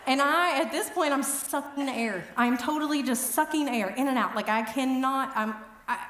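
A middle-aged woman speaking at an event, telling funny, self-deprecating stories in a chatty, animated way. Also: sits high, moderate pace, roomy sound. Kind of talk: humorous storytelling talk. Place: event hall.

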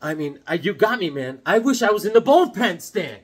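A husky-voiced man in his fifties, sitting a little high in pitch, talks about comics in a loose, rambling, joking way. His voice jumps up and down a lot as he gets excited. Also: brisk. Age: 50s. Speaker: comic book vlogger. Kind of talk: casual chat to camera.

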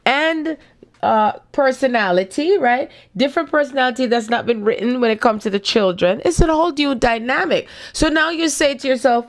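A woman's voice: high voice, moderate pace. A woman hosting a casual spiritual talk, speaking frankly and rambling, often repeating herself.

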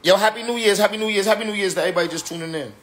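A man's voice: high-pitched, racing, a bit bright, a little hiss or hum. A tipsy man, a battle rapper, ranting on a livestream in an emphatic, repetitive, slangy way. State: tipsy from drinking. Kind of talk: casual livestream rant.

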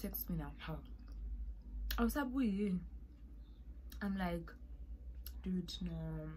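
A young South African woman with a South African accent, telling an animated storytime vlog and acting out the voices in it. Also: lowish voice, slow pace, slight background noise. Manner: animated, mixes in Zulu and Xhosa phrases, acts out voices. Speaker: YouTuber.

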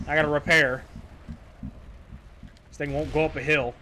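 A man's voice: on the high side, little pitch movement, moderate pace, long pauses, sharp tone, slight background noise. A man giving casual, jokey commentary over his own gameplay, talking to his viewers, repeating phrases and swearing when things go wrong. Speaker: gameplay streamer.

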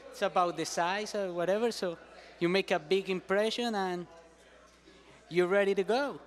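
A man's voice: high-pitched, steady tone, normal speed. A man answering street interview questions in a rambling, hesitant way.

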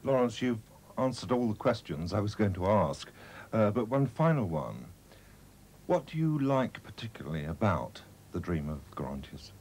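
Husky male radio interviewer. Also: lowish voice, big pitch swings, moderate pace, darkish tone.

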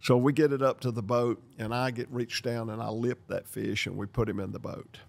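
An older man from North Carolina, hosting a podcast and telling lively stories, acting out the dialogue as he goes. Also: medium pitch, brisk, gravelly. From North Carolina, USA. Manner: lively storyteller who acts out dialogue and laughs. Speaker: podcast host. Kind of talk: storytelling podcast chat.

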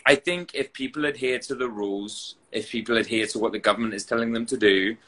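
Bright-voiced man chatting on a livestream. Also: mid-range voice, steady tone, fairly quick. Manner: chatty, earnest, teasing. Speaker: actor hosting a livestream. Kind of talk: casual livestream chat.

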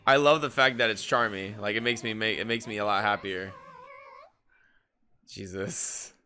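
Male reaction host with a bright, forward tone, casual and profane, and prone to sudden excited bursts. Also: fairly low pitch, a little fast, a little hiss or hum. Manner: loose, profane, slangy chatter with sudden excited jumps. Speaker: anime reaction channel host.

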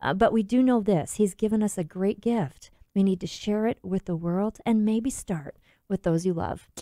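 A woman's voice: mid-range voice, normal speed, warm tone, no echo, studio quality. A woman with a Wisconsin accent co-hosting a Christian radio talk show, earnest and exclamatory, urging listeners.

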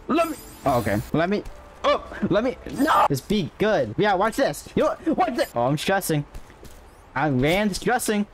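A streamer giving excitable gaming commentary, yelping, shouting and hyping themselves up. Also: medium pitch. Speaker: streamer playing a platform game.

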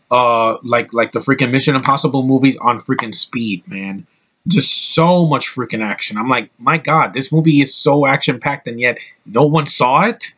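A young man giving a casual, rambling movie review, excitable and full of fillers and swearing. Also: mid-range voice.

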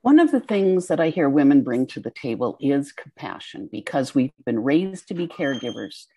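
A woman hosting an interview, asking measured, reflective questions. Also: a bass voice, big pitch swings, warm tone, husky, no echo. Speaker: interviewer host.

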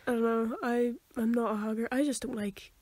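A young woman in casual podcast chat. She talks hesitantly, with lots of fillers and restarts. Her voice is a little high, and the sound is dry and close to the mic. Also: steady tone, brisk, darkish tone, no echo. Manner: hesitant, full of likes and restarts. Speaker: podcast co-host.

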